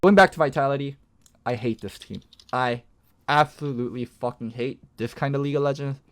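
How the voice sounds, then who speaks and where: A man's voice: mid-range voice, a little fast. A man joining a casual esports podcast, talking enthusiastically and swearing now and then.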